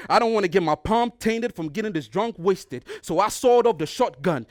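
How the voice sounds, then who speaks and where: A man's voice: high voice, animated, normal speed, few pauses, dry recording, studio quality. A young man from Ghana performing a battle rap, aggressive and taunting, repeating punchlines with rising force. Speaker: battle rapper.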